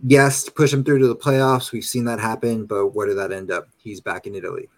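A man with a fairly low voice gives casual opinions on his club in long, rambling runs. He circles back on his points and keeps tagging them with a quick check for agreement. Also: steady tone. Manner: rambling, repeats "you know what I mean". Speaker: panelist. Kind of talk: casual fan talk.

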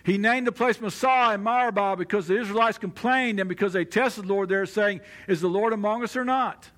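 Male pastor, sermon, very high and bright voice, conversational delivery, acts out quoted voices. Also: a little fast.

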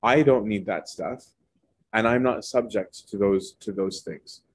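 A man with a fairly low voice walks through scripture in a relaxed, conversational way. He keeps tagging his points with a quick "right?" to check his listeners are following. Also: a little hiss or hum. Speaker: Bible teacher. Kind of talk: casual Bible study teaching.

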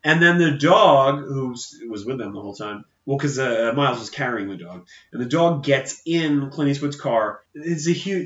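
A man's voice: medium pitch, a bit bright, reverberant, lo-fi sound. A man co-hosting a podcast, chatting casually and sardonically about a film, with a profane, riffing manner. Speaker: podcast co-host. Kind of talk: casual movie discussion.

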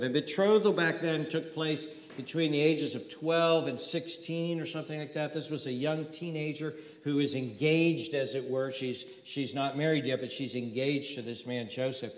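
A man preaching in a chatty, animated way, acting out scenes for his listeners. His voice sits a little high and rings through a large hall with a long trailing reverb. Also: normal speed, few pauses. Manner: conversational, animated, acts out scenes. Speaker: pastor. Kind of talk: sermon.

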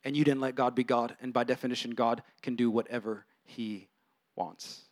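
A man in his thirties or forties preaching a sermon, animated, acting out voices with big swings in pitch. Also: moderate pace. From California. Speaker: pastor.

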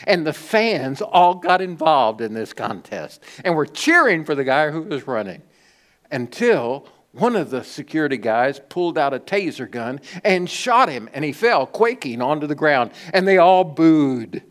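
A middle-aged man preaching a sermon as pastor, telling stories and stressing key words with sudden lifts and soft drops. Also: a little high, big pitch swings, a little slow. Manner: storytelling preacher with emphatic rises and soft drops.

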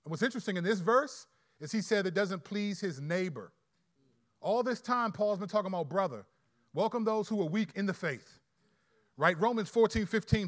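A man preaching a sermon in a conversational, animated way with quick asides. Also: high voice. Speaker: pastor.

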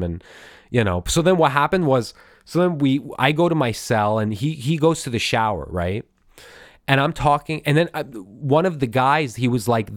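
A man's voice: medium pitch, dry recording, clean studio sound. Profane rambling man on a podcast. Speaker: podcast host. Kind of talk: casual storytelling. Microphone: studio microphone.

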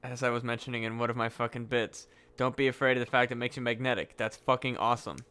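A young man trades loose, profane riffs with his co-host on a comedy podcast, calling him dude and building each joke further. His voice sits at a middling male pitch, relaxed and conversational. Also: quick pace, smooth. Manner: profane, riffing, calls the other host dude. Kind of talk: casual comedy podcast chat.

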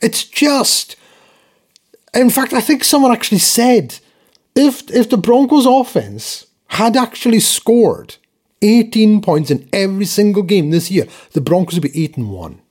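Man, podcast co-host, lively swooping pitch, exasperated sports rant. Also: unhurried, slightly rough. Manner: animated, exasperated ranting with many restarts. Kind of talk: casual sports chat.

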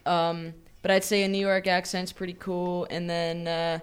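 A young woman from Los Angeles, a musician guest chatting in a relaxed way on a radio show, with many fillers. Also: on the low side, normal speed, slight background noise. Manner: laid-back, laughing, filler-heavy. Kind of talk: casual radio interview. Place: radio studio.

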